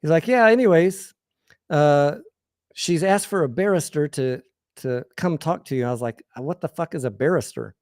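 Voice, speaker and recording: A man's voice: on the high side, normal speed, darkish tone, no echo, clean studio sound. A man with an American accent hosting a livestream, telling crude, rambling personal anecdotes in a candid, casual way with frequent restarts. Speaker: host.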